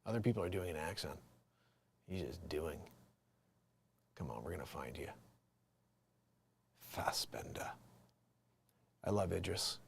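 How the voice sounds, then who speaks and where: A man hosting a casual livestream, talking to himself as he searches, drifting from low muttered asides to bursts of excited shouting. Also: a little slow, gravelly, pauses often, slight background noise. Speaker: livestream host.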